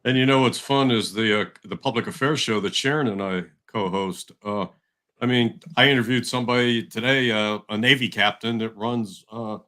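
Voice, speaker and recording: A man's voice: lowish voice, moderate pace, sharp tone. A man co-hosting a sports radio show, talking in a friendly, rambling way with plenty of fillers. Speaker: radio co-host. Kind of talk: casual radio sports chat. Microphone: studio microphone.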